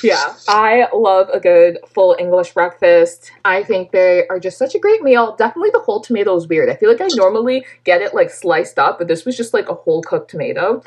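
A woman's voice: mid-range voice, lively intonation, fairly quick, hardly any pauses, a little mellow. A young woman from Canada chatting casually, filling her talk with "like" and laughing often. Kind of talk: casual chat.

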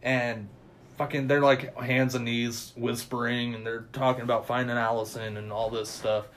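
A man's voice: medium pitch, level tone, normal speed, fairly bright tone, a little hiss or hum. Rambling, swearing man recapping a movie. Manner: rambling, heavy swearing, quotes characters in silly voices. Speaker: podcast co-host. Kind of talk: casual movie recap chat. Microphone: audio podcast mic.

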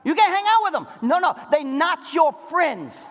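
A middle-aged pastor preaching a sermon to married couples, firing rhetorical questions and acting out voices. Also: male voice, very high-pitched, big pitch swings, moderate pace, a bit bright. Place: church sanctuary. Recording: reverberant church hall.

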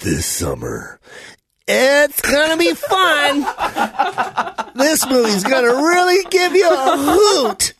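A man putting on a squeaky, giggling movie-trailer announcer voice, in a sing-song parody that keeps breaking into laughs. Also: huge pitch swings, takes it slowly, heavy background noise, full character voice. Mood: mocking, giddy.

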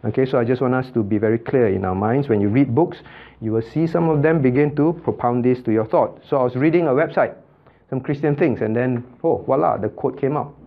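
Teaching a Bible study, this pastor addresses his students by name and drives points home again and again, tagging them with "okay?" or "right?". He speaks at a medium pitch, captured in lo-fi sound.

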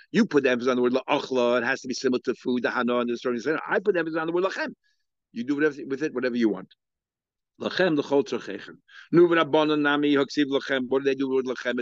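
A man's voice: medium pitch, no echo, lo-fi sound. A man with a Yeshivish English accent giving a daily Talmud lecture, thinking aloud with many fillers and restarts. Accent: Yeshivish English, Hebrew and Aramaic terms mixed in. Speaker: Talmud teacher.

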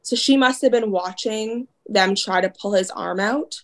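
A young woman, a podcast guest, telling an emotional story in rushed, looping phrases full of "like" and quoted asides. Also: medium pitch.

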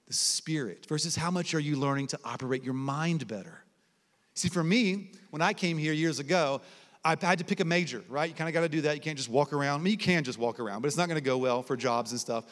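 Male guest preacher, slightly higher voice, animated storyteller, long hall reverb. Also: brisk. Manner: animated, conversational storytelling that shifts to soft, low emphasis. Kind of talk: sermon with personal stories. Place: large hall at a college ministry gathering.

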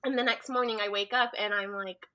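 A woman's voice: medium pitch, fairly quick, highs cut off. A young woman telling a story in casual chat, laughing often as she talks. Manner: giggly, animated storyteller. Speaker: guest.

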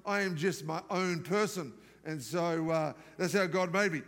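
A male pastor from outside the United States preaches a live sermon in a notably high voice, speaking unhurriedly. He addresses the congregation in a lively, conversational style with humorous asides, and his words echo with the long reverb of a large church hall.

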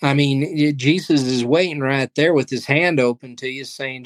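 A pastor and guest in a casual interview, speaking in an earnest, faith-driven storytelling way. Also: male voice, medium pitch, normal speed, dry recording. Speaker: pastor and ministry leader, guest.

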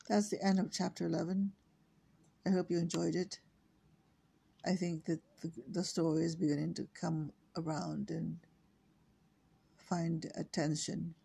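A woman in her sixties from Ireland, reading her own story aloud in a slow, halting way with small self-corrections. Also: low-pitched, gravelly, dark tone, slightly rough. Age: 60s.

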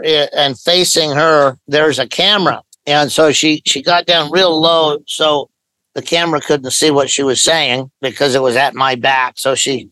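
An older man from Idaho, a pastor, calmly recounting a story as a guest on an interview podcast, with quoted dialogue woven in. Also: fairly high pitch, dry recording, poor audio. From Idaho, USA.

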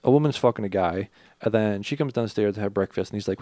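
A man's voice: fairly low pitch, fast, mellow, no echo, clean studio sound. A man hosting a podcast, casually retelling movie scenes with crude humor and acted-out lines. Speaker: podcast host.

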